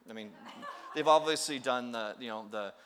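A man's voice: mid-range voice, normal speed, fairly bright tone, clean tone. A middle-aged man preaching a sermon, telling stories with playful acted-out quotes and self-deprecating humor. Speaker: pastor.

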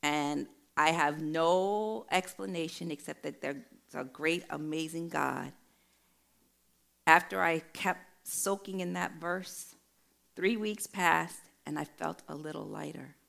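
A woman's voice: low voice, takes it slowly, vocal fry, fairly bright tone. A middle-aged woman preaching a sermon, telling a personal testimony in an earnest, emphatic storytelling way.

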